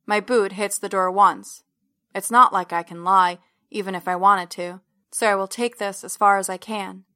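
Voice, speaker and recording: A woman reads a first-person story aloud in a measured, steady way. Her voice is bright, and her pitch stays level with little movement. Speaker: audiobook narrator. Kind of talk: first-person fiction narration.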